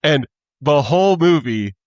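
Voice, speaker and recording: A man's voice: fairly high pitch, animated, a little slow, dry recording. A man co-hosting a casual comedic podcast, retelling movie scenes and asking incredulous questions. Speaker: podcast co-host. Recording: slightly dull, lo-fi mic sound.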